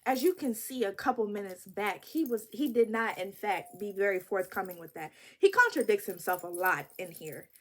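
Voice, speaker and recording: A woman in her twenties telling a story to camera in a casual, animated and wry vlog style. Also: medium pitch, normal speed, hardly any pauses. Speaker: vlogger.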